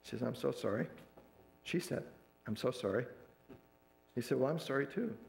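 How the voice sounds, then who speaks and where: A man's voice: mid-range voice, expressive, normal speed, gravelly, darkish tone, echoey room, rough recording. A man preaching a sermon, retelling a counseling story and acting out the lines of the people in it. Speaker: pastor. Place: church sanctuary.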